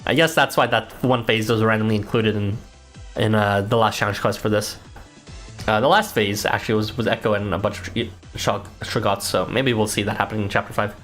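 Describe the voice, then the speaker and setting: A woman's voice: a bass voice, fairly even intonation, a little fast, faint music behind. A woman streamer giving game playthrough commentary, reading lines aloud with laughing, swearing, incredulous asides.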